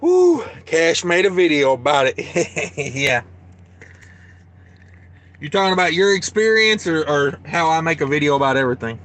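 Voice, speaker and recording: A man's voice: fairly high pitch, normal speed. A man truck driver on a casual live-stream vlog, talking loosely into a phone as he walks outdoors at a cold storage yard and answers viewer chat with lots of fillers. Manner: loose, chatty, thinks aloud with many fillers. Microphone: phone held while walking. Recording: loud running refrigeration units and vehicle noise outdoors.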